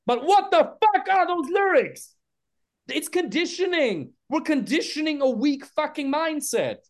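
A man's voice: very animated, normal speed. A man, a dating coach guest on a podcast, who talks bluntly, swears freely and acts out lines he quotes. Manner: swings widely in pitch for emphasis. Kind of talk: animated podcast interview talk.

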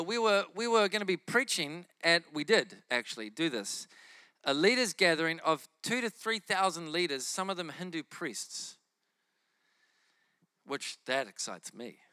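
A man preaching and telling a testimony story in an animated way, often laughing as he talks. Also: high-pitched, normal speed, no room sound, clean studio sound.

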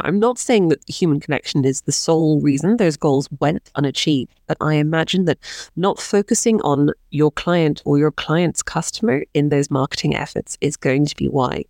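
Host chatting solo, bit of vocal fry, dry close sound, jokes at own expense. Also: medium pitch, a little mellow, no room sound. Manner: chatty, self-deprecating, many fillers. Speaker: podcast host. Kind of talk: solo podcast monologue.

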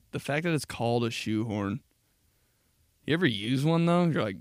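A man's voice: medium pitch, sing-song, normal speed, long pauses, fairly bright tone, smooth, no echo, clean studio sound. A man in his twenties hosting a podcast, riffing in a casual comedic monologue, swearing freely and laughing at his own jokes. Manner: profane, laughs at his own jokes, jumps into mocking voices. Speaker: podcast host.

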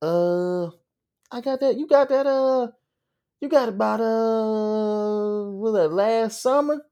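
A man's voice: high-pitched, takes it slowly, mellow, dull audio, pitched above the performer's own voice. A man voicing a boastful rural white man with a put-on Southern drawl, rambling and bragging.

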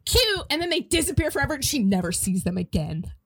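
A woman's voice: fairly high pitch, very animated, fast, husky. A woman casually recapping a movie plot, acting out the characters' lines and laughing often. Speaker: podcast co-host.

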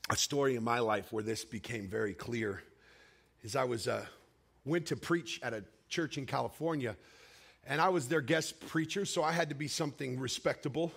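A man preaching a sermon, telling a personal story with emotional swings between raised cries and hushed, quiet passages. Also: moderate pace, gravelly, breathy edge. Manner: emotional storytelling with sweeping highs and hushed lows.

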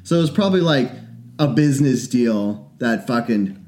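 A man's voice: medium pitch, expressive, normal speed, a little mellow. Rambling, opinionated man in casual chat. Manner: rambling, opinionated, swears a lot.

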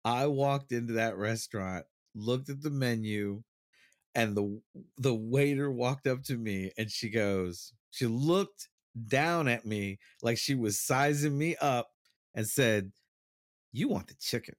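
A man's voice: medium pitch, slow pace, no echo, studio quality. A middle-aged man, a podcast co-host from New Orleans, chatting casually and laughing as he tells stories. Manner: laughs often, storytelling. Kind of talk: casual chat.

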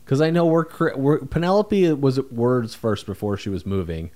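A man's voice: mid-range voice, moderate pace, darkish tone. A man co-hosting a podcast, talking in a rambling, easygoing, self-deprecating way. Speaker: podcast co-host. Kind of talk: casual podcast chat.

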